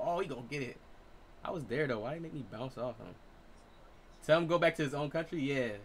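A man's voice: medium pitch, fast, a bit bright, a little hiss or hum. A young man streaming a basketball video game live, talking loosely in slang to his teammates and his chat. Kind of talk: casual live game commentary.

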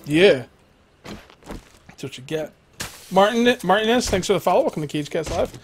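A man's voice: high voice, expressive, normal speed, music in the background. A young man streaming a survival game live, rambling, joking, thanking followers and swearing at the game.

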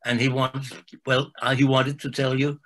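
An older man, a guest telling a personal story in a halting way, full of restarts. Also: medium pitch, flat delivery, rough recording. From Denmark. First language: Danish. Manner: halting, with restarts and soft laughs. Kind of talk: storytelling in conversation.

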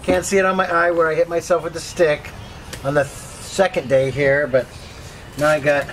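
A man's voice: fairly high pitch, little pitch movement, normal speed, a bit bright, slight background noise, low-quality recording. A man co-hosting a camping vlog, chatting casually and laughing a lot. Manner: laughing, amused. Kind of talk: casual chat.

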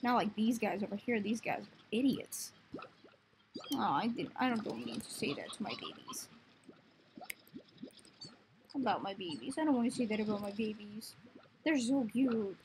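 A woman's voice: on the high side, moderate pace, long pauses, background noise. A young woman giving casual gameplay commentary, often cooing baby talk at the creatures on screen. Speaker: gaming video host.

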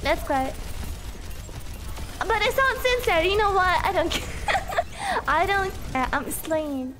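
A woman with a very high, lively voice chats casually and slowly with her live-stream viewers, giggling often. She pokes fun at herself and sounds a little worn from talking. Faint music plays behind her. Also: very noisy. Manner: giggly, self-deprecating, laughs often. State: losing her voice.

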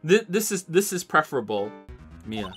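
A male streamer commenting on a video game as he plays. He talks casually and excitably, quick to swear and crack sarcastic jokes, with faint game music behind him. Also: a little high. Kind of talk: casual let's-play commentary.

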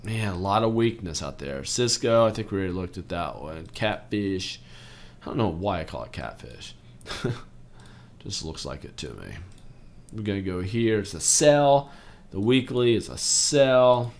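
A man in his forties hosting a trading channel, talking casually through stock charts and getting excitable over big moves. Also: low-pitched, a little slow. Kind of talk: casual chart walkthrough commentary.

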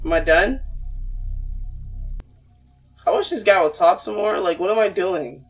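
A man's voice: sits high, unhurried, creaky, distant mic, soft background music. A young man, commentating a horror game he is playing, jittery and talking to himself and his viewers while scared. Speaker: gaming YouTuber.

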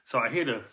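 A man in his fifties from Los Angeles, telling a personal story in animated, profane street talk. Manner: animated, profane, punctuates with "boom". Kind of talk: casual storytelling.

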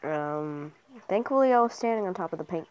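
A woman's voice: lowish voice, expressive, a little fast, darkish tone, muffled recording. A young woman commentating her mobile game casually, cheering and trash-talking other players. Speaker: gamer commentator.

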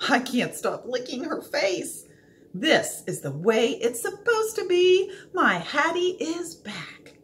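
A woman reads a children's book aloud in a playful, expressive way. Her fairly high voice rises and falls animatedly. There is a faint hiss in the background. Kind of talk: storybook read-aloud.

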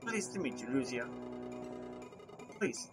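A timid walking head from a video game , voiced by a reader, apologizes often and speaks meekly. The voice sits at a middle pitch. Game music plays underneath it. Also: sing-song, slow pace. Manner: meek and apologetic.

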